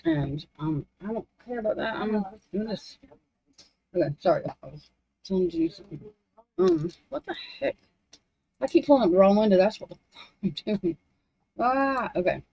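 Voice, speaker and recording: A woman's voice: mid-range voice, expressive, normal speed, gravelly, pauses often, dark tone, husky, highs cut off. A woman reading spiritual cards on a casual livestream, scattered and swearing under her breath as she talks to herself. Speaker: spiritual card reader. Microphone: desk microphone.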